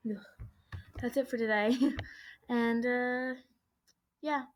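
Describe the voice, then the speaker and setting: At home, a shaken, uneasy vlogger tells a storytime into her laptop's webcam mic, rambling along with plenty of "I was like" and nervous restarts. Her voice sits on the high side with fairly even intonation, and she takes it slowly over slight background noise.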